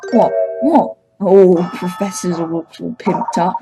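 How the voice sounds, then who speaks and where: A woman's voice: on the low side, slow, few pauses. A woman casually commenting on a game she is playing, with chatty, giggly asides. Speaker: let's play host. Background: game music.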